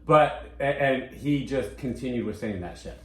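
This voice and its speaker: A man co-hosting a casual podcast, telling stories in an animated way and swearing freely. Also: medium pitch, moderate pace, reverberant. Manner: animated, profane storytelling. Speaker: co-host.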